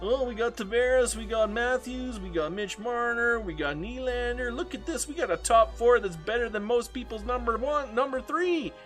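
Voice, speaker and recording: A man's voice: extremely high pitch, normal speed, few pauses, a bit bright, soft background music, voice pushed up, rough recording. A man putting on a mocking voice of a boastful male hockey fan who gushes about his team. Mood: smug gushing. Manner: gushing, mocking sing-song.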